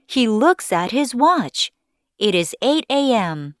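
Slow, lively storybook narrator, a woman. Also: a little high, dry recording, clean studio sound. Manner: simple, clearly spaced sentences.

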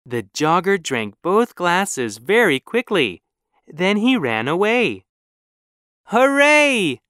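Slow clear storybook reader, lively ups and downs, dry close mic. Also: mid-range voice, no room sound. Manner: clear, careful and measured. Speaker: narrator. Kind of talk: storybook reading for learners.

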